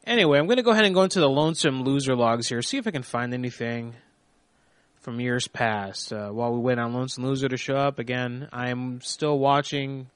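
A man's voice: mid-range voice, a little fast, clear, resonant tone, no room sound. A man hosting a live call-in prank show, talking in a rambling, off-hand way with some swearing. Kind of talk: casual live-stream talk.

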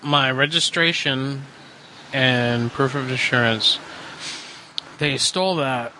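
A man's voice: mid-range voice, slow, bright, forceful tone, slight background noise. A man calling roadside assistance, telling a long, rambling, profane story with lots of hesitation. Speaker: caller. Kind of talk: rambling phone call. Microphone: phone.

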